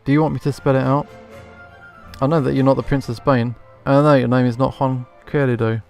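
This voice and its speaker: A brash male falcon attorney, read aloud by a man playing through a game. He talks in firm, clipped legalese, laying down demands and bluffing with mock statutes at a middling pitch. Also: flat delivery, brisk, vocal fry, darkish tone, soft background music, lightly acted. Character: confident falcon lawyer, male, brash and commanding. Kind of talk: reading game dialogue aloud.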